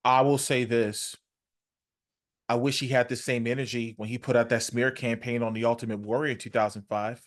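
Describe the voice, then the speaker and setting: A man's voice: little pitch movement, a little fast. A man hosting a podcast, talking in a conversational and emphatic way. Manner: conversational, emphatic, rising pitch when reacting. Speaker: podcast host. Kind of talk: casual podcast discussion.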